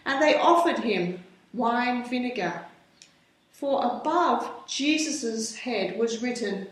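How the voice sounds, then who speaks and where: A woman telling a Bible story aloud in a slow, measured way, in a very echoey room. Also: on the high side, lively intonation.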